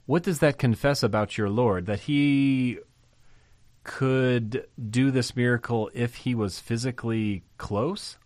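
A man's voice: lowish voice, no echo. A man teaching a Bible passage in a conversational way, asking rhetorical questions and thinking aloud. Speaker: preacher.

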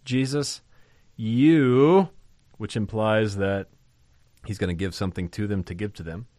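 A man's voice: lowish voice, moderate pace, darkish tone, no room sound, studio quality. A man teaching a Bible study on a podcast, conversational with musing asides and sudden emphasis on key words. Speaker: pastor.

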